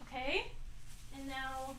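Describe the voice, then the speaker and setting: Very high-pitched giggly woman streamer. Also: takes it slowly, bright, forceful tone, far from the mic, a little hiss or hum. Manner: giggly, laughs constantly, rambling; busy with her hands while talking, distracted. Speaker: livestreamer reading chat. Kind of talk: casual livestream chat. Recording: voice a bit off-mic.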